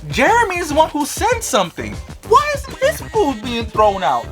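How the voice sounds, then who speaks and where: A young man telling a comic childhood story in a storytime vlog, animated and full of profanity. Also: very high-pitched, brisk, hardly any pauses, over music. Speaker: vlogger.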